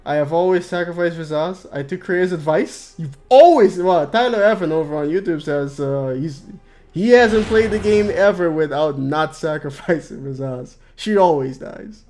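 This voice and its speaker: A man's voice: on the high side, lively intonation, normal speed, darkish tone. A man chatting casually on a game stream, rambling and joking and reading out chat messages. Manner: rambling, jokey, reads chat aloud.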